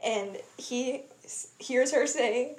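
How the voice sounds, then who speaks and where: A young woman in casual chat, eager and chiming in quickly. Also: high voice, echoey room. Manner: eager, quick agreeing interjections.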